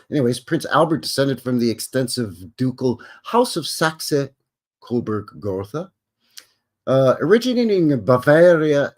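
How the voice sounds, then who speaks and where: A man hosting a live stream, reading an article aloud and breaking off into casual, rambling asides full of fillers. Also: medium pitch. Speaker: host. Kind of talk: reading aloud and commenting on a livestream.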